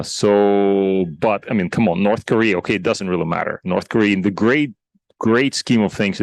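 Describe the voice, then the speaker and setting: Gravelly-voiced man giving a panel talk. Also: lowish voice, no room sound, low-quality recording. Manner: conversational, many restarts and rhetorical questions. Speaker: conference panelist.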